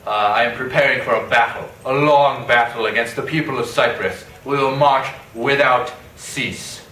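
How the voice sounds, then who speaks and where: A man's voice: mid-range voice, normal speed, sharp tone, slight background noise, natural voice. Othello, a young man playing him as a slangy braggart. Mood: boastful. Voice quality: casual, rambling storyteller with slang. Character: Othello as a slangy modern guy, boastful. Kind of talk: parody skit. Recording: echoey room, mic at a distance.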